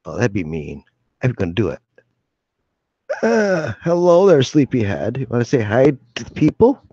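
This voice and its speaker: A man's voice: mid-range voice, sing-song, moderate pace, mellow, breathy edge. A man hosting a casual late-night livestream from home, rambling, joking and laughing often. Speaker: livestream host. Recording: dull dry home mic.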